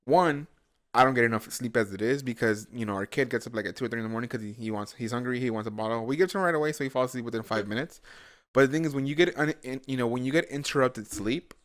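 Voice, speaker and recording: A man rattles through a story at a quick clip, animated and profane, and jumps into the voices of the people in it. His voice sits at an ordinary middle pitch. It sounds like a relaxed podcast conversation. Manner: animated, profane storytelling that acts out his own and others' lines. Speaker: podcast host. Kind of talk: casual chat.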